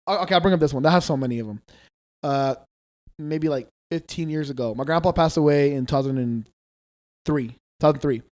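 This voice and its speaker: A man's voice: on the high side, brisk, darkish tone. A man co-hosting a podcast, telling ghost stories in casual chat, loose and swearing, acting out the people he quotes. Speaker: podcast co-host.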